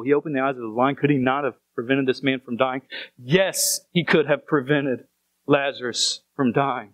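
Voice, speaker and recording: A man's voice: medium pitch, fairly even intonation, normal speed, no echo, dull audio. A man preaching a sermon as pastor, speaking earnestly and repeating phrases for emphasis.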